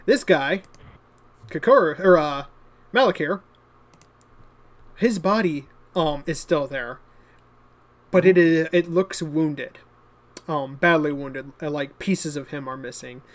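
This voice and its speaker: Male game master, high voice, slow and hesitant narration. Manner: hesitant, many fillers.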